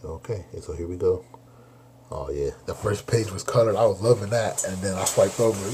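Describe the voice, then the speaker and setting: Deep slangy man reacting, says bro a lot. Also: a little fast, dark tone, slight background noise. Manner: slangy, swears a lot, keeps saying bro; blunt and exasperated. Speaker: manga reaction streamer. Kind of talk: casual live reaction, reading aloud.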